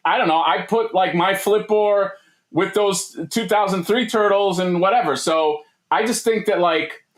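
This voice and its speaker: A man's voice: sits high, moderate pace. A man co-hosting a casual livestream chat, rambling and joking with lots of restarts and fillers. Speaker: co-host.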